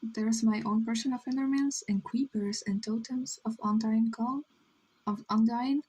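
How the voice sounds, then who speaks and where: Mellow-voiced young woman chatting on stream. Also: fairly high pitch, steady tone, normal speed, slightly rough, low-quality recording. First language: Spanish. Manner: rambling, reads chat aloud, many "like" fillers. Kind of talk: casual livestream chat while drawing.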